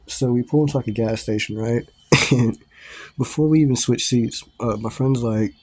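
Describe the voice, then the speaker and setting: A man's voice: mid-range voice, normal speed, darkish tone, breathy edge. Man, casual storytime vlogger, rambling delivery, laughs between lines, salty language. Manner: laughs often between lines, swears freely; rambling, with many fillers and restarts.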